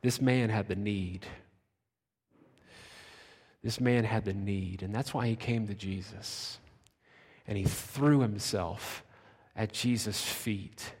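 A male pastor preaching a sermon, slow and dramatic, dropping to a hush and then shouting out. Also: lowish voice, husky. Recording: long reverb of a large hall.

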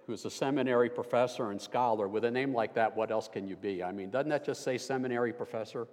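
A man's voice: on the low side, quick pace, few pauses, a little mellow. An older man giving a conversational sermon as a guest preacher, with dry, self-deprecating humor. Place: church sanctuary. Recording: long hall reverb.

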